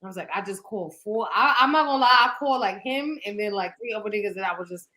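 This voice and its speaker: Bright, profane young woman telling a story. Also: mid-range voice, racing, poor audio. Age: young adult. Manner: candid and profane, heavy use of "like". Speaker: podcast co-host. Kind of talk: casual storytelling chat.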